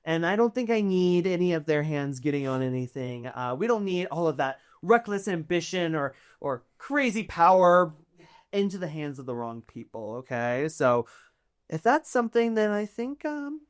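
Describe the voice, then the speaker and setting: A smooth, scheming noblewoman who gushes and flatters as she bargains for favors, put on by a man running the game. She sweet-talks every offer, leaning in with a knowing, chatty lilt. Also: a little high, normal speed, pitched above the performer's own voice. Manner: flirty, gushing, scheming. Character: sly flattering noblewoman of the court.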